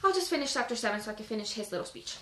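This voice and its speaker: A woman's voice: a little high, animated, racing, pushed and bright, reverberant, a little hiss or hum, low-quality recording. A woman hosting a casual live-streamed Bible reading, reading passages aloud and then talking them through in a chatty way full of "like". She is out of breath. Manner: chatty, lots of "like" fillers. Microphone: phone on a live stream.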